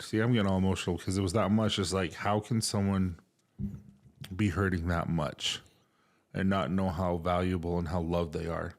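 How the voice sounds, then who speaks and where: Dad podcast guy, low voice, rambly and choked up, lots of ums. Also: fairly even intonation. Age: middle-aged. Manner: halting, emotional, many fillers. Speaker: podcast co-host. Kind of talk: casual podcast chat. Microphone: remote recording setup.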